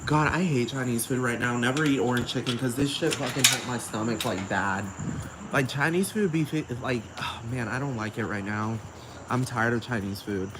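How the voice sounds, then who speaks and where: A man rambles through a loose, profane solo rant, circling back with "you know what I'm talking about" again and again. His voice sits at an ordinary pitch. It bounces off the surroundings with a roomy echo, and crickets and insects chirp clearly in the background of the outdoor night recording. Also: normal speed, very noisy. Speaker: podcast host.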